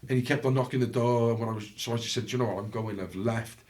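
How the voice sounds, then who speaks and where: A Welshman with a Cardiff accent and a mid-range, slightly mellow voice talks fast with fairly even intonation. As a podcast guest, he tells a story in blunt, sweary casual talk, acting out what other people said.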